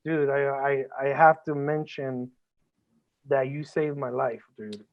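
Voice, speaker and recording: A man's voice: medium pitch, fairly even intonation, slow. A man as a podcast guest, talking earnestly and emotionally, swearing a lot and often restarting his sentences. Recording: band-limited phone-like audio.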